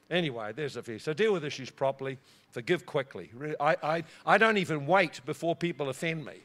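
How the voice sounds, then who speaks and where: A man's voice: fairly high pitch, fairly bright tone. A middle-aged man preaching a sermon, telling a personal story with frequent laughter and repeated words.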